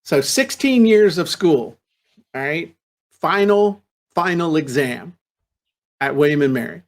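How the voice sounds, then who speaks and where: A man hosting a casual business podcast, telling a personal story with lively restarts and repeated words. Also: fairly high pitch, slow pace. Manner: laughs easily and jokes. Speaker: podcast host. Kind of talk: casual chat.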